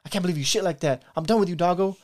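A man's voice: high voice, racing, darkish tone, pitched above the performer's own voice, lightly acted. A man voicing a haughty young girl gymnast in a comic podcast story, speaking in a snooty way.

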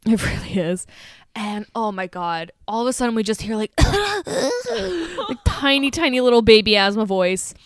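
Animated young woman with a smooth voice. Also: fairly high pitch, unhurried, dry recording, studio quality. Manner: animated, retells scenes with quoted lines, swears freely. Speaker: podcast co-host. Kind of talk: casual movie chat.

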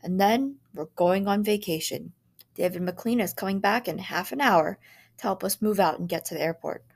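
A woman's voice: medium pitch, moderate pace, vocal fry. Stern exasperated dad, firm clipped delivery, storybook reading, a woman voicing him. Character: stern fed-up father, middle-aged man.

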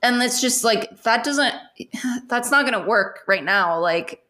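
A woman's voice: on the high side, lively intonation, unhurried, bright, forceful tone. A young woman co-hosting a podcast in casual chat, rambling with constant fillers and swearing freely. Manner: rambling, heavy filler "like", frequent swearing and laughs. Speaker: podcast co-host.

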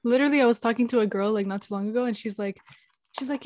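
A young woman co-hosting a podcast, telling animated stories and laughing often. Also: on the high side, rapid-fire, no echo. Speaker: podcast co-host. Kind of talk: casual chat.

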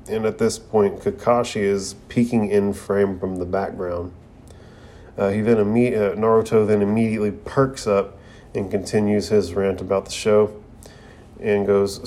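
A man's voice: fairly low pitch, steady tone, unhurried, warm tone. A young man casually recapping an anime episode, reading the characters' lines aloud in his own voice with loose fillers and slang. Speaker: anime reviewer.

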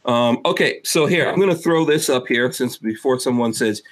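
A male podcast host talks in a relaxed, joking way, ribbing the others at the table. His voice sits in an ordinary middle pitch. He reads the news items in a loose, offhand manner. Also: moderate pace. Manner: joking, teasing banter. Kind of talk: casual chat. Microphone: studio mic.

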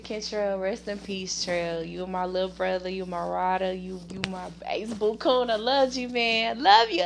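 Slow, gravelly Southern woman rambling. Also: mid-range voice, slight background noise. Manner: rambling, laughs often, gives shout-outs to family and friends. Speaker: podcast host. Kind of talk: casual solo podcast chat.

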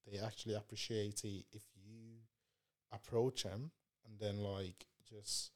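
A man from the UK, co-hosting a podcast, retelling a trip in slangy, animated casual chat. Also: fairly low pitch, measured pace. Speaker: podcast co-host.

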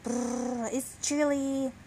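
Woman putting on a grumpy sly storybook cat, grumbles and hisses, pitched up high, slow and drawn out. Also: little pitch movement, warm tone, rough recording. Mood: grumbling. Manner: hissing, grumbling.

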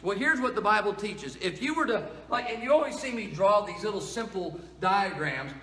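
A man's voice: high-pitched, bright, forceful tone, reverberant, big-room sound. A male pastor preaching a sermon in a plain-spoken, folksy storytelling manner.

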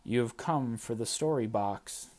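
A man reading an audiobook, voicing a proud, weary male sky god who speaks in a measured, accusing way. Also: medium pitch, darkish tone, close to an everyday voice. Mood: stern.

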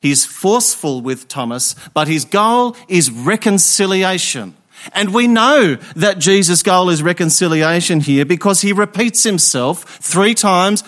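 High-voiced man preaching. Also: fairly bright tone. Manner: emphatic, with rhetorical questions and pauses. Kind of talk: Easter Sunday sermon.

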